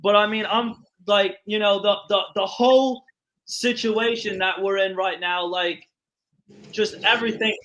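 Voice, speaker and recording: A man hosting a podcast, telling stories in an animated, profane way. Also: high voice, unhurried, muffled recording. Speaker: podcast host. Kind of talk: casual storytelling chat.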